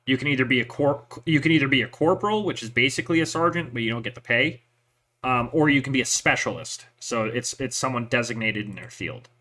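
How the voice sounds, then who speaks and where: In this casual chat, a man with a bright, mid-range voice meanders from story to story, cursing without restraint and cracking himself up. He sounds like a veteran shooting the breeze with a buddy, nothing scripted.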